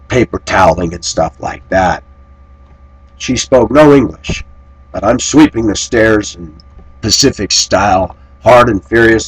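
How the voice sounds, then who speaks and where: A man's voice: low voice, breathy edge, rough recording. An American man vlogging, telling rambling anecdotes in a casual, conversational way. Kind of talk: casual storytelling to camera.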